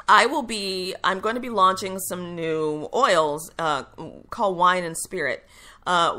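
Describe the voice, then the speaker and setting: A middle-aged woman hosting a solo radio talk show, her voice bright and forward in tone. She rambles in an easy, upbeat way, sprinkling in fillers and restarting her sentences as she answers listener questions. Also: lowish voice. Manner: chatty, upbeat, frequent fillers and self-corrections. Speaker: radio show host and intuitive reader.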